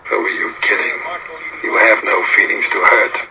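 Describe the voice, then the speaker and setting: A man's voice: lowish voice, flat delivery, moderate pace, gravelly, pushed and bright, heavily acted, low-quality recording. An actor playing a wry, sardonic leading man in an old film clip. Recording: hissy old film clip played through speakers.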